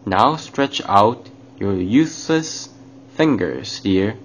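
A man reading a storybook, voicing a kind, mysterious gray-cloaked old man in a soft, gentle manner. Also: fairly low pitch, expressive, slow. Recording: dull lo-fi, faint hiss.

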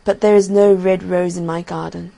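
A sorrowful young student pines aloud in a plaintive, dreamy voice, as a woman reading the tale puts him on. It stays close to a gentle storybook reading. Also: lowish voice, level tone, normal speed, creaky. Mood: lovesick.

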